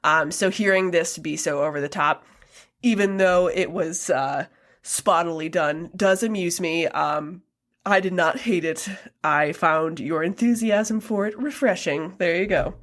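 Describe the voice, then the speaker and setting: A woman's voice: fairly low pitch, measured pace, a bit bright. A young adult woman co-hosting a casual film review podcast, chatty, laughing often, with many ums and likes. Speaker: podcast co-host.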